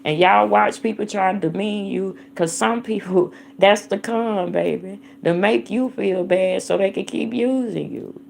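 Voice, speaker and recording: A woman's voice: medium pitch, unhurried, vocal fry, few pauses, a little mellow, slight background noise. A woman hosting a livestream, delivering an impassioned, preachy monologue that calls listeners baby and honey and rises to emphatic declarations. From United States. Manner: emphatic, rising to angry declarations. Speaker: livestream host.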